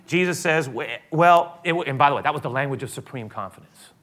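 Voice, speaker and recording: A male preacher delivers a sermon and plays out each quoted exchange. His voice sits a little high and rings bright and forceful. He moves from full-throated emphasis down to near-whispers. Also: animated, quick pace, hardly any pauses. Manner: dramatic, swinging from loud shouting to hushed whispering; acts out the characters with quoted dialogue. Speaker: pastor.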